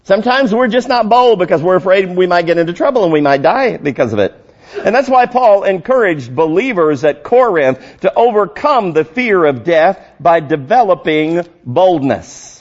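A male pastor preaching a sermon emphatically, rising to loud high peaks and dropping to low quiet lines. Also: expressive, normal speed, muffled recording.

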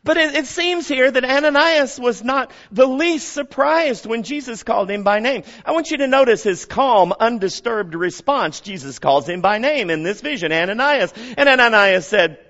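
A man with a high voice preaches a sermon from the pulpit. He sinks to near-whispers and then swells to loud emphasis, putting questions to the congregation. The recording is dull and lo-fi. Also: expressive, moderate pace, few pauses. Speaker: pastor.

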